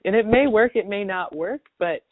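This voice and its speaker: A woman hosting a podcast, speaking in a calm, affirming and spiritual way. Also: medium pitch, moderate pace, no echo. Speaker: podcast host. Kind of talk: casual chat. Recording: tinny phone-like line.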